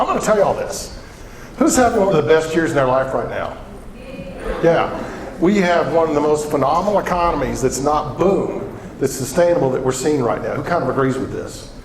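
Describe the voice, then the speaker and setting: Energetic joking man in an echoey hall. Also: fairly high pitch, brisk, a crowd in the background. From southwestern Colorado. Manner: energetic joking storyteller, quizzes the audience. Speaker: keynote economic speaker. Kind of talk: humorous conference keynote. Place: large conference hall.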